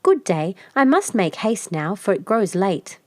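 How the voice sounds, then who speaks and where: A woman voicing a sweet, kind little girl with a bright, innocent manner in a storybook. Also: medium pitch, very animated, unhurried, no room sound, clean studio sound.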